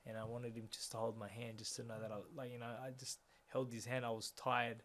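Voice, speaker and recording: A young man telling a personal story as a guest in a conversation, speaking quietly and reflectively, often letting his voice drop softer. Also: medium pitch, monotone, fairly quick. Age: young adult.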